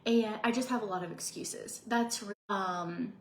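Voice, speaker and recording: A woman's voice: mid-range voice, unhurried, a little hiss or hum. Bubbly chatty woman in an echoey room. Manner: chatty, bubbly, rambling with frequent likes and laughs. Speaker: vlogger. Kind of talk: casual chat to camera. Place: home office. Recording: echoey room with faint background ambience.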